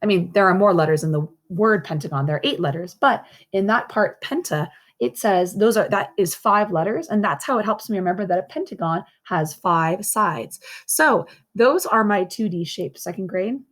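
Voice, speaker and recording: Patient woman teaching young kids. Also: mid-range voice. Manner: slow, patient explaining with frequent repetition. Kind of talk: recorded classroom lesson for young children.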